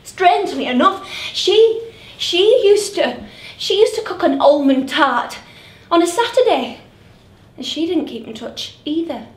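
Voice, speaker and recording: A woman's voice: very high voice, very animated, full character voice. A woman playing a lonely grown woman, a drunk, who keeps repeating herself in a stage monologue. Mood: wistful. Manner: halting, repeats her words. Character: lonely grown woman, a drunk, waiting for her late dad. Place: theatre stage. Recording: roomy theatre heard from a distance.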